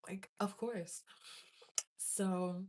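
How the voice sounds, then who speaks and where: A young woman vlogger speaks extremely slowly in a mid-range voice, with a little hiss or hum in the recording. Telling a casual story to her viewers, she laughs often and animatedly acts out how she panicked.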